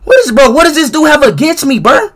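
A young man streaming a game, talking in an excitable, exasperated, profane way that keeps breaking into shouts. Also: very high-pitched, fast. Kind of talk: live game-stream commentary.

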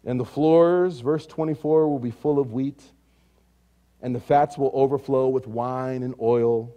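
A man preaching a sermon as pastor. He rises to loud, emphatic declarations, drops to quiet, low asides, and repeats phrases in rhythmic runs. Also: steady tone, unhurried, dull audio.

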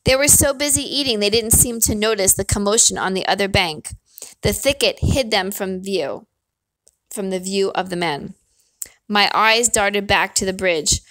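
Brief: woman narrator reading a novel, expressive, dry close sound. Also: mid-range voice, normal speed, dry recording. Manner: expressive first-person storytelling.

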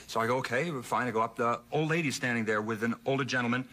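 A man appearing as a talk show guest, telling anecdotes in an animated, self-deprecating way. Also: mid-range voice, fast. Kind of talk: anecdotal storytelling. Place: TV studio.

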